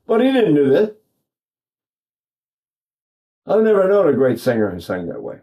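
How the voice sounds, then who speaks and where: A slightly high, dark-toned male voice belongs to an older East Texas man. He teaches singing with sung demonstrations, wandering in a folksy manner and restarting many times.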